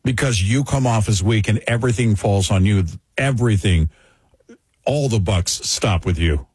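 A husky-voiced man co-hosts a political talk show and makes his points forcefully and with indignation. The recording is dry and close to the mic. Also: fairly low pitch, moderate pace, no room sound.

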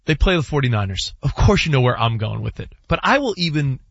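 A man co-hosting a casual sports talk show, animated and teasing as he goes through a team's schedule. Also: medium pitch, quick pace, gravelly, breathy edge, dry recording, lo-fi sound. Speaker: sports radio co-host.

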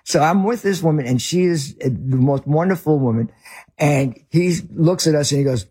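A man's voice: a little high, moderate pace, warm tone, slightly rough. A man with a Northern US accent, a ministry leader telling a story in conversation, rambling with restarts.

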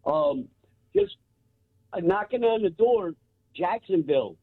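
An excited male caller on a tinny, dry phone line, speaking in a high voice. He laughs a lot and rattles on in casual slang. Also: slow, no echo.

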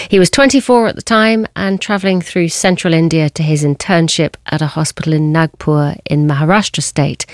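A woman presenting a program, reading scripted narration in a measured news style. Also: low-pitched, darkish tone, no room sound, clean studio sound.

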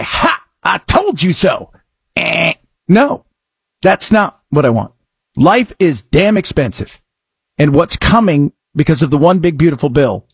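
Man, show host, sarcastic political commentary, high lively voice, husky. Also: no echo, studio quality. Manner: sarcastic, mock-shouting outbursts.

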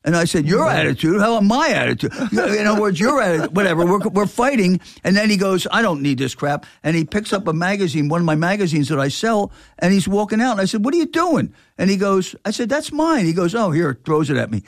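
An older man tells a tale from his record store. His voice sits a little high and sounds dry and close, with no room around it. He bounces into the voices of the people he quotes. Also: fast talker, hardly any pauses, dry recording. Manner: animated, acts out quoted dialogue. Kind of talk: casual storytelling.

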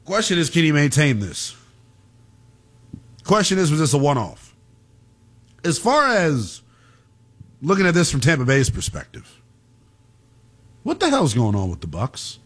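A young man hosting a call-in sports radio show, ranting in a slangy, animated way. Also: on the high side, unhurried, pauses often. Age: young adult.

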